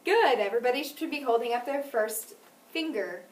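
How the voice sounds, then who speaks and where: Lively-voiced woman teaching phonics. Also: a little high. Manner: clear deliberate teaching, stresses example words. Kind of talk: phonics lesson. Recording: echoey room, mic at a distance.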